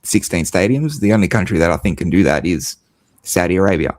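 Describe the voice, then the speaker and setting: An Australian man, a podcast guest, talking football in a casual chat and reasoning through his points in long, steady runs. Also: low-pitched, fairly quick, dry recording, clean studio sound.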